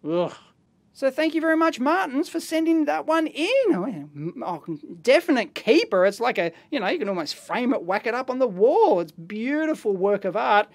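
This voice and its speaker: At a normal pace and in a very high voice, a middle-aged Australian man excitedly unboxes and tears down gear in his electronics lab. His casual commentary rambles, loaded with slang and exclamations.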